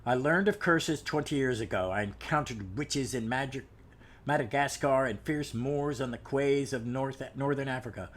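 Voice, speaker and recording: A man reading a vengeful ghost pirate's curse aloud from a comic, slow and solemn. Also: mid-range voice, lightly acted. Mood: grim cursing.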